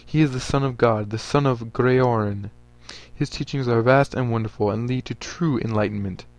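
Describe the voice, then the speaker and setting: An earnest, solemn preacher, read by a man in a storybook reading, with formal, stiff phrasing in an ordinary middle-pitched voice. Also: moderate pace, dry recording, lightly acted. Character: earnest, solemn male preacher, former soldier.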